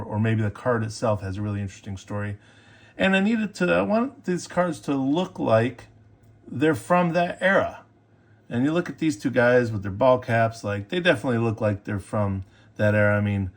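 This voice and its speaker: A man hosting a casual show-and-tell video about collectible cards, chatty and enthusiastic, with fillers and quick self-corrections. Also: lowish voice. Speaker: sports card collector and video host.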